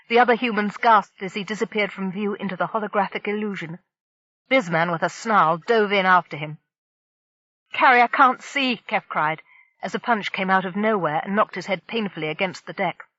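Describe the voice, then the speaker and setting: A woman narrating a science fiction audiobook in a steady, dramatic reading style. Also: medium pitch, no room sound, muffled recording. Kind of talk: scripted narration.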